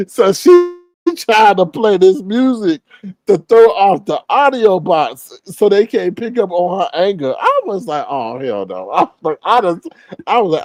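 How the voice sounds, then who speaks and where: A man's voice: high voice, dry recording. A man hosting a reaction commentary, blunt and exasperated, with laughing asides. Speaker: commentary channel host.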